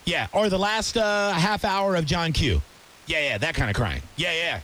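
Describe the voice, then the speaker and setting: Heated, animated male sports radio host. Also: on the high side, normal speed, slight background noise. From Tampa area. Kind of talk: sports talk rant.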